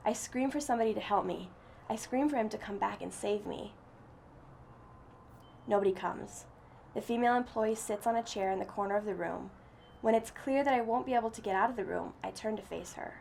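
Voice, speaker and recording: Gravelly-voiced woman reading a story. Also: medium pitch, fairly quick, darkish tone, a little hiss or hum. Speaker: story reader. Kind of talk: first-person story reading.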